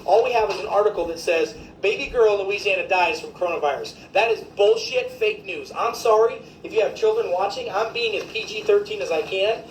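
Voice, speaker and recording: A woman physician rants to her viewers in video commentary, indignant, emphatic, and profane. Her medium-pitched voice is brisk with few pauses, recorded in an echoey room with faint background noise.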